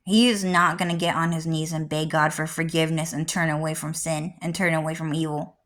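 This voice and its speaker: A woman vlogger ranting in a rambling, heavily profane way, jumping from loud outbursts to low mutters. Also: level tone, a little fast. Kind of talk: rambling livestream rant.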